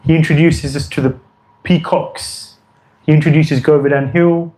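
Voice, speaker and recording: A man's voice: a little high, fairly even intonation, moderate pace, mellow, poor audio. A man giving an earnest devotional lecture as a spiritual teacher, often repeating phrases for emphasis.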